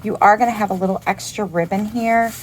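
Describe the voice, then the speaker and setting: A woman's voice: medium pitch, steady tone, a little fast, poor audio. A woman talks through a hands-on craft demonstration, one step at a time. Her delivery is chatty and upbeat, and she often stops to point out the cute details. There is a faint noise floor under her voice. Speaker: craft instructor.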